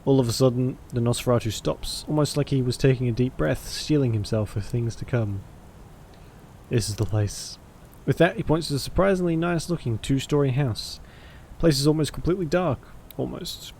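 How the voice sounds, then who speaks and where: A man narrating a visual novel aloud in a measured, theatrical way. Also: mid-range voice, darkish tone, a little hiss or hum. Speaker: streamer and voice actor.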